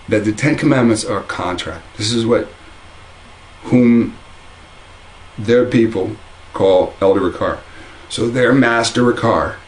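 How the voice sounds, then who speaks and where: A fairly low-voiced man talks straight to camera from his home, heated and rambling as he circles back through restarts and repeated phrases. A faint hum of room ambience sits behind him. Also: poor audio. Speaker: religious video commentator. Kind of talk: casual monologue to camera. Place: at home, indoors.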